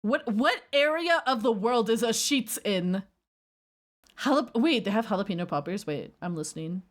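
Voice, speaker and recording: A woman's voice: on the high side, expressive, moderate pace. A woman streamer chatting casually and rambling while reacting to her chat. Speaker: livestreamer.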